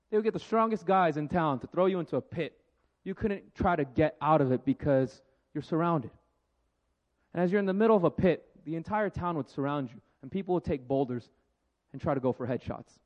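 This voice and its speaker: A man preaching a sermon with jokes, moving between lively storytelling and hushed, slow reflection. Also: fairly high pitch. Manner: animated and joking, then hushed and reflective. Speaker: pastor. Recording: dull lo-fi sound.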